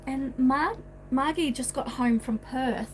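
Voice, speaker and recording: Brief: woman co-host, prim librarian-ish tone, fairly high voice, faint background noise. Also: slow. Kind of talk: casual chat.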